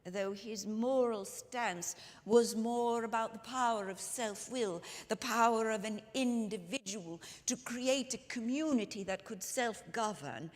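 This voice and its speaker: A woman's voice: fairly high pitch, lightly acted. A woman storyteller playing the ghost of a 19th-century woman author, speaking theatrically to a live audience with lingering emphasis. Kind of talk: one-woman historical storytelling performance. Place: church sanctuary with live audience. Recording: long reverb of a large church hall.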